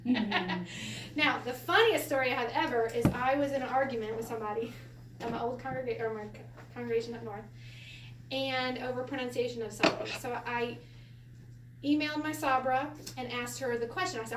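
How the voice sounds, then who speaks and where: A woman's voice: on the high side, brisk. A woman teaching a casual Hebrew class, chatty and laughing often as she tells stories. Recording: echoey room, voice from far off, faint hiss.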